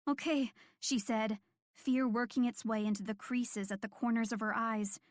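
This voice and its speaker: A woman reading a first-person audiobook in a calm, measured, clear voice. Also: fairly high pitch, no room sound, clean studio sound. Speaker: audiobook narrator.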